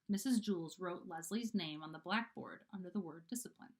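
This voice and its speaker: A woman's voice: on the low side, normal speed, few pauses, breathy edge. A woman casually reading a children's book chapter aloud, chatty, with fillers and asides. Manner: chatty, fillers, animated character voices. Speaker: reader. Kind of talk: casual storybook read-aloud.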